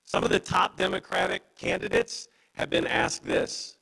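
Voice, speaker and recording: Gravelly impassioned pastor preaching. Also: male voice, huge pitch swings, moderate pace, few pauses, bright, forceful tone, low-quality recording. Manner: impassioned preaching with wide pitch swings. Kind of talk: sermon.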